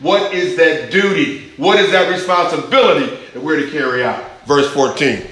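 A man preaching a sermon, emphatic, rising to high urgent questions and dropping to low intense asides. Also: moderate pace, a bit bright, heavy reverb, low-quality recording.

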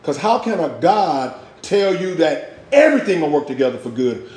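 A man's voice: very animated, moderate pace. Impassioned preacher man, echoey room. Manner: impassioned, swings from loud shouts to low hushed lines; uses street slang for emphasis. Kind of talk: sermon.

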